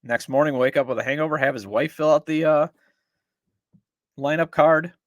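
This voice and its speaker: A man's voice: a little high, normal speed, no echo, clean studio sound. Exasperated male sports podcast host. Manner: exasperated, sarcastic ranting. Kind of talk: opinionated sports talk.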